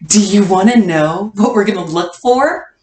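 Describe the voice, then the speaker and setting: A woman teaching a kindergarten class online, coaxing answers with slow, sing-song hints. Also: medium pitch, lively intonation, a little mellow. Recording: echoey room.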